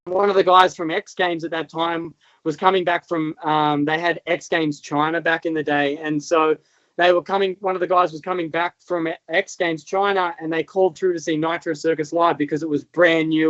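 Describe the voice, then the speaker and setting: A man's voice: a little high, little pitch movement, moderate pace, a bit bright, no room sound. An Australian man in his thirties, a motocross rider guest, telling his story in rambling casual talk with many fillers. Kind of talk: casual interview chat. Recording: dull, lo-fi sound.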